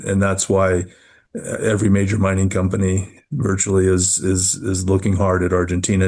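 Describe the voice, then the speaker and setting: A man, a mining company executive, answering interview questions in a measured way, often repeating words as he thinks. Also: sits low, warm tone.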